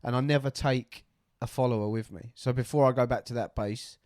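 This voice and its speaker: A man in casual podcast chat, rambling through stories in a jokey way with easy swearing. His voice sits at an ordinary middle pitch. The sound is dry and close, with no room echo. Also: fairly even intonation, brisk, a little mellow. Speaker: podcast co-host.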